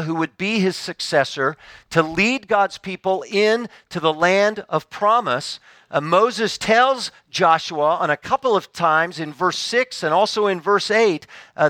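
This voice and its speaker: A man preaching a sermon in a measured, earnest way, slowing down to stress key phrases. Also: high-pitched, fairly bright tone, dry recording.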